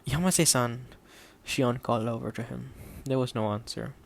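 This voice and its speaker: A man reading an audiobook in a steady, measured way, voicing the dialogue quietly. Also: medium pitch, vocal fry. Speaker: audiobook narrator. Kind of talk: scripted audiobook narration.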